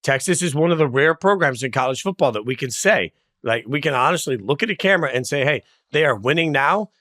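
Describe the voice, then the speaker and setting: A man's voice: medium pitch, lively intonation, fast, fairly bright tone, no room sound, clean studio sound. A man co-hosting a sports show, debating emphatically and repeating phrases as he makes his points.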